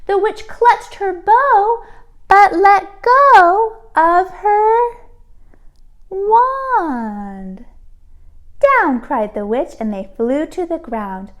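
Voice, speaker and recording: A woman teacher reading a storybook aloud to children, expressive and pausing to ask the listeners questions. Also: extremely high pitch.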